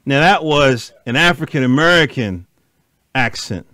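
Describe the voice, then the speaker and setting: A man's voice: mid-range voice, lively intonation, a little slow, bright, forceful tone, dry recording, studio quality. A man hosting a casual conversation, laid-back and often tagging on "you know what I mean". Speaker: host.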